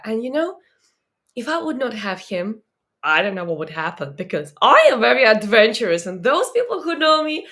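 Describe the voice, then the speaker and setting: A woman with a voice pitched a little high speaks earnestly to camera as a mindset coach. Her English is slightly in its phrasing, and she checks in with the listener through constant tag questions. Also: big pitch swings, brisk, fairly bright tone. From Latvia. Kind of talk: motivational talk to camera.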